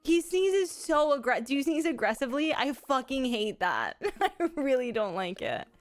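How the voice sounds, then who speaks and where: A woman's voice: high voice, very animated, moderate pace. A woman chatting casually on a live game stream, giggling often and making crude jokes. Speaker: livestream gamer.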